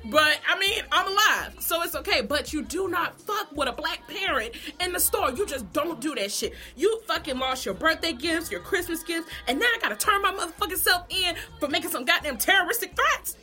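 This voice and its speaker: Bright, profane woman ranting. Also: extremely high pitch, brisk, hardly any pauses, faint music behind. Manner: animated, profane, talks straight to viewers. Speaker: vlogger. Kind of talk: comedic gossip rant.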